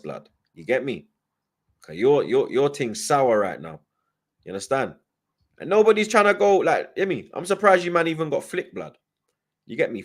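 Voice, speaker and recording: A young man hosts a fan channel, chatting casually and reading viewer comments, with constant slang and "you get me" tags. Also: medium pitch. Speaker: football fan channel host.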